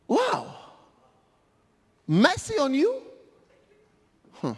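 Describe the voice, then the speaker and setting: A male preacher giving an animated, humorous sermon, acting out scripture in a large hall. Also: extremely high pitch, extremely slow, pauses often. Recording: long hall reverb.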